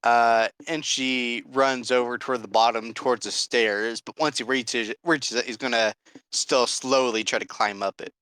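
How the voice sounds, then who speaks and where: A man's voice: mid-range voice, steady tone, moderate pace, sharp tone, clean tone, dry recording, rough recording. A man playing a tabletop game, asking hesitant questions about his turn. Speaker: player.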